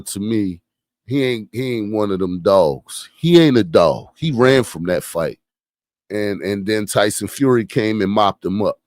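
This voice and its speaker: A man hosts a casual boxing podcast at an unhurried pace, talking into a podcast mic. He leans on rhetorical questions and repeats phrases for emphasis. The sound is dry, with no room echo. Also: medium pitch. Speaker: podcast host.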